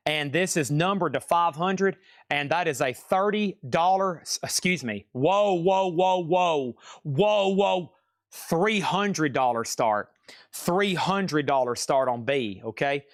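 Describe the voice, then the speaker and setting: A man hosting a live-streamed record auction, calling bids and sales in a fast, chatty, upbeat patter. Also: on the high side, fairly bright tone, dry recording, studio quality.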